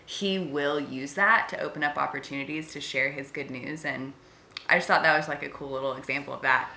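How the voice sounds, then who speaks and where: Female co-host, young, animated storyteller, bright tone, roomy sound. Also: low-pitched, fairly quick, vocal fry, a little hiss or hum. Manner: animated storyteller, laughs often. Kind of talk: casual couple chat. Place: bedroom. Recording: echoey room.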